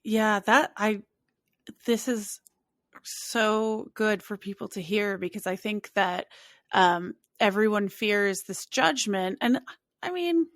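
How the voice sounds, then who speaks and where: A woman's voice: mid-range voice, takes it slowly, no room sound, clean studio sound. Woman podcast host, affirming and hesitant. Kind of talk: podcast interview.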